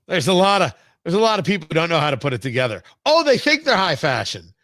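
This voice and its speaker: High, bright-voiced talk host. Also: male voice, sing-song, fast, no echo, studio quality. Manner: emphatic, sarcastic, digressive. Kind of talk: opinionated political commentary.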